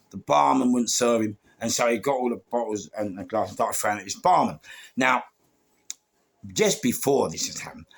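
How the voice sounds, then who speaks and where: A man's voice: medium pitch, a bit bright. A man casually telling stories from his years as a doorman on a podcast, rambling with lots of fillers and repeated words. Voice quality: gravelly, husky voice. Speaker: former doorman and security firm owner telling stories.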